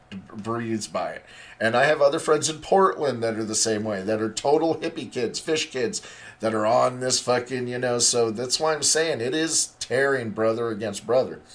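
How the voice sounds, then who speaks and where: A middle-aged man hosting a podcast, telling a rambling, profane story in a casual monologue. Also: mid-range voice.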